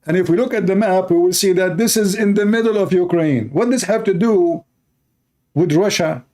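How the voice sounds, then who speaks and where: His voice sits high with a dark tone, and he speaks at a moderate pace. Reacting heatedly to a news clip, the man argues and throws insults in broken, non-standard English.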